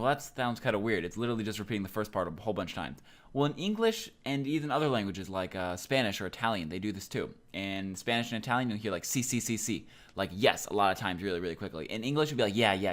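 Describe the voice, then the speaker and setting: A young man giving a casual online lesson, explaining in a relaxed, chatty way with plenty of fillers. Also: lowish voice. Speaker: Japanese teacher.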